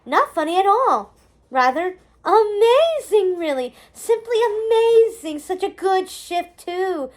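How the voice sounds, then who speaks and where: A woman's voice: animated, slow, few pauses, a little mellow, exaggerated voice. A woman voicing a gleeful, mischievous middle-aged witch mother, gushing and giddy as she talks. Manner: gushing, giddy, high-spirited.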